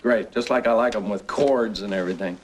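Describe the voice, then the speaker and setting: A man's voice: on the low side, a little fast, lightly acted. An actor playing a teasing, affectionate husband and father in a soap opera, from an old TV tape with faint hiss. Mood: playful. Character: playful loving husband, adult man.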